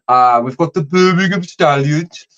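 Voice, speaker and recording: A man's voice: on the high side, a little slow, background noise. Filler-heavy male podcast host, dull audio. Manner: explains rules with many fillers. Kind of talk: casual sports podcast chat.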